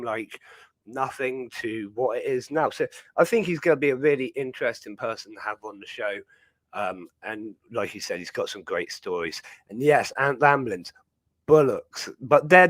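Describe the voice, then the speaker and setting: A man's voice: mid-range voice, dry recording. A young British man hosting a hobby livestream, rambling and chatty with lots of fillers. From Britain. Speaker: livestream host. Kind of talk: casual chat.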